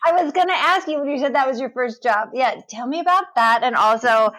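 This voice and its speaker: A woman hosting a podcast interview, eager and encouraging, quick to laugh. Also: high voice, animated, fairly bright tone. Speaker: podcast host. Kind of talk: casual interview chat.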